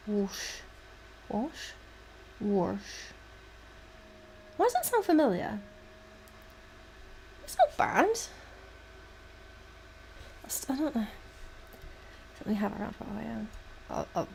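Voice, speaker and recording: A woman's voice: fairly high pitch, sing-song, measured pace, gravelly, long pauses, darkish tone, a little hiss or hum. Chatty woman muttering while she paints. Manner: chatty, mutters to herself, swears casually. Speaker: livestreamer. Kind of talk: casual chat while painting.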